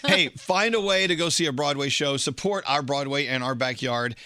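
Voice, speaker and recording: A man with a bright, fairly high voice hosts a studio radio chat. He talks playfully and with animation. The sound is dry and close. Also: normal speed, no room sound. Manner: chatty, playful, animated storytelling. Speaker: radio show host. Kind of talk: casual entertainment news chat.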